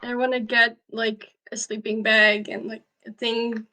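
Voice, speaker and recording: A woman's voice: a little high, level tone, measured pace, pushed and bright. A woman chatting casually as a player in a tabletop game, giggling often and filling with "like". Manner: giggly, many likes. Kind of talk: casual chat.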